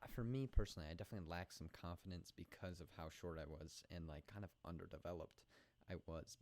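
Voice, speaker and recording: A young adult man hosts a solo podcast at home at night, speaking into a podcast mic as he rambles, pokes fun at himself, and restarts his sentences often. His voice sits low with a darkish tone, and the recording is dry.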